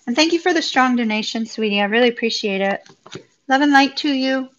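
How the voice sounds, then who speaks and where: Effusive woman reading tarot, slightly high. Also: animated, fairly quick, fairly bright tone. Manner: effusive, upbeat, chatty with frequent laughs. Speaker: tarot reader. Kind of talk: live tarot reading for viewers. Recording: dull lo-fi recording.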